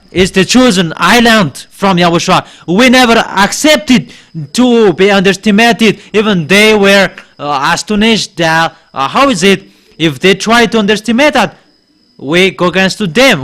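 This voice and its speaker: A man from Madagascar, a native Malagasy speaker, preaching a sermon in English with emphatic declarations and frequent halting pauses. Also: sits high, fairly bright tone. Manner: halting, with many uh pauses and restarts.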